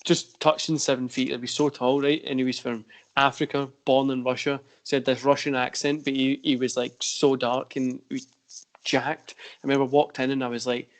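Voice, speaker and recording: A man's voice: medium pitch, flat delivery, brisk. A man with a Scottish accent, hosting a wrestling chat show, laid-back and rambling as he tells stories. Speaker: podcast host. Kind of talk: casual chat.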